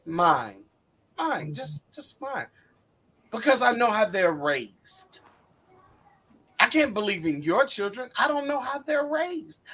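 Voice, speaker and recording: A man's voice: high-pitched, sharp tone. A man in his forties on a wrestling panel, bantering dramatically and preaching in a mock-wounded tone.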